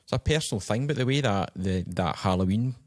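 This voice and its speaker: A young Scottish man speaks with a lowish voice, slowly and haltingly as he recalls something personal. The sound is close and dry. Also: lively intonation, no room sound. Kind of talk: casual chat.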